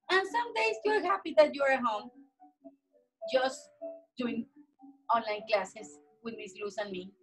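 A woman teacher, leading an online class for young children from home over a video call, greeting each child in a slow, sing-song way. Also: fairly high pitch, expressive, a bit bright. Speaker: preschool teacher.

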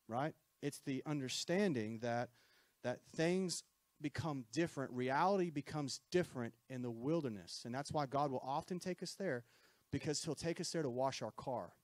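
A man with a medium-pitched voice preaches to a congregation in a conversational way, often checking in with "right?" and repeating himself. The recording has no echo.

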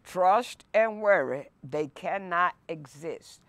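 A woman pastor leading a Bible lesson, reading scripture aloud and preaching with slow emphasis and repetition. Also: on the low side, lively intonation, a bit bright, no echo. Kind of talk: sermon-style Bible lesson. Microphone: no mic, by her own words.

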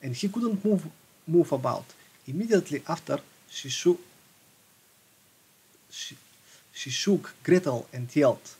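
A man reading a fairy tale aloud haltingly, with restarts and small laughs. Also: fairly high pitch, animated, darkish tone, slightly rough, rough recording. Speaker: storyteller.

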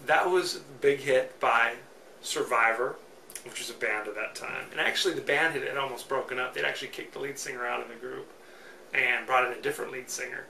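A man's voice: medium pitch, creaky, bright, forceful tone. A man hosting a solo podcast, giving chatty, joking, opinionated movie commentary. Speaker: podcast host. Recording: roomy, distant mic, faint noise.

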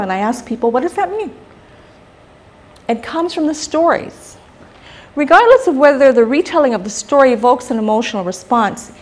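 A middle-aged woman from Guam is giving a public talk. Her voice sits high, and she tells her stories with animation, turning often to the audience with questions. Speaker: guest speaker.

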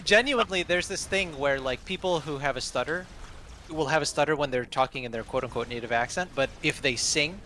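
A man chatting casually while gaming, telling stories in an animated, wry way. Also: fairly high pitch, brisk, slight background noise.

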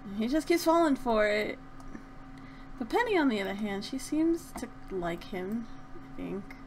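Young female let's-play host, bright high voice, very animated, gossipy commentary. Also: unhurried, noisy background. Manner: animated, gushing, chatty with laughter. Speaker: gaming channel host.

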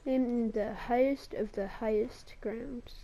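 A woman's voice: a little high, steady tone, unhurried, mellow. A woman giving live commentary while playing a battle royale game, muttering to herself and breaking into sarcastic, swearing outbursts. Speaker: gamer.

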